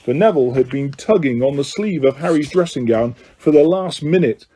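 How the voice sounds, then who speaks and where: A man reading an audiobook with lively, dramatic storytelling. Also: on the high side, a little fast, breathy edge. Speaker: audiobook narrator. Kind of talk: scripted narration.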